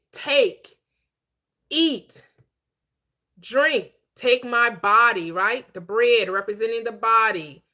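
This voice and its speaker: A woman hosting a livestreamed Bible teaching, preaching in an emphatic, conversational way, slowing down to stress key phrases and chatting with viewers in between. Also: a little high, bright, forceful tone. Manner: chatty asides to viewers, quick laughs.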